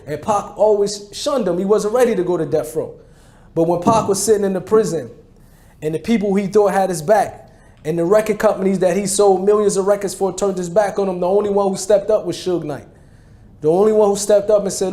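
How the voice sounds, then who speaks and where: New Jersey man, fairly high voice. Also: a little fast, warm tone. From New Jersey, USA. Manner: repetitive, casual street slang, restarts phrases. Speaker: guest telling his life story. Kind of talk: conversational testimony.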